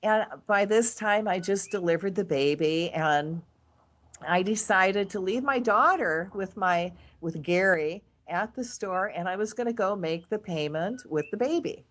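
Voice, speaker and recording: Brief: middle-aged woman, casual storyteller, mid-pitched, animated delivery. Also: measured pace. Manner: animated, dramatic swings in voice when retelling events. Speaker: guest.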